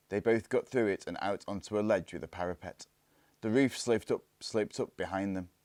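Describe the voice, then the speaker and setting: A man reading a children's storybook aloud, calm and hushed in tense parts. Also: low voice, dry recording. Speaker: story reader. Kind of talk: storybook narration.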